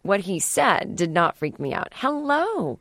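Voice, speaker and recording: A woman comedian in her thirties hosting a podcast, chatting in a casual, animated way from a studio and slipping into playful voices for the people she quotes. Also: mid-range voice, a little slow, no room sound.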